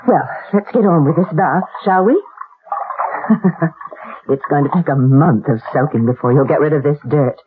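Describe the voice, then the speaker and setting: An actress playing a practical, matter-of-fact woman in a 1970s radio drama, speaking briskly. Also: deep voice, background noise, lightly acted. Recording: tinny old radio broadcast.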